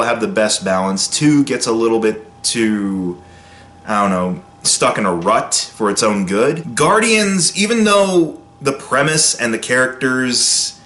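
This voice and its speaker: A man giving a casual, opinionated spoken film review, with sudden jumps in pitch for emphasis. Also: fairly bright tone, roomy sound.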